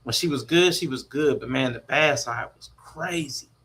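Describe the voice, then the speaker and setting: A man co-hosting a podcast in casual chat, telling a family story in an animated way. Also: mid-range voice, normal speed. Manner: animated storytelling, slipping into mock voices. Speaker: podcast co-host.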